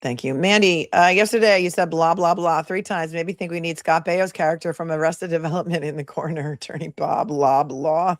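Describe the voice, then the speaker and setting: A woman's voice: sits low, steady tone, normal speed, few pauses, no room sound. Chatty woman livestreamer in a dry room. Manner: chatty and affectionate toward viewers. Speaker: attorney hosting a legal livestream. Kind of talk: casual livestream chat reading viewer messages.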